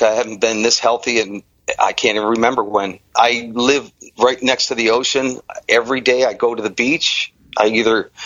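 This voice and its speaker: A middle-aged man from the Detroit area, telling his own story in an interview as an animated, energetic storyteller. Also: mid-range voice, no echo. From Detroit area, Michigan. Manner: animated, energetic storyteller who acts out dialogue. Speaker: interview guest. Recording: dry, slightly muffled audio.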